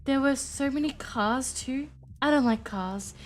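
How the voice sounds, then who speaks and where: A woman's voice: high voice, a little slow, soft background music. A woman voicing an ancient, squeamish and haughty vampire woman, in a prim, fussy, complaining manner.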